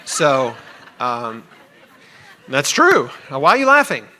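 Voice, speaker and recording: A middle-aged man telling his own story to an audience in a chatty, animated way, acting out the people he quotes. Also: mid-range voice, slow pace, a faint crowd, slight background noise. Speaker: cancer survivor sharing his story.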